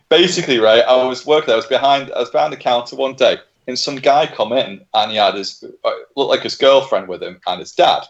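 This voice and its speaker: Medium-pitched and a little quick, this co-host in his thirties chats casually about games on a livestream. He's an animated storyteller who laughs a lot and swears freely, and the recording sounds muffled and lo-fi.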